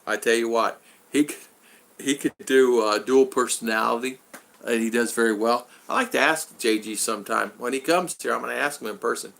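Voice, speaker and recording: A man's voice: mid-range voice, brisk, creaky, fairly bright tone. Chatty older man hosting a live stream. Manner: chatty, laughs often, reads viewer comments aloud. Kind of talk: casual live-stream chat. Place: home in the Philippines.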